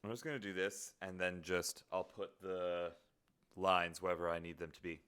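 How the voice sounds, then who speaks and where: A man's voice: sits low, little pitch movement, normal speed, a bit bright, clean tone. A man streaming live in casual chat, rambling in a playful, self-deprecating way.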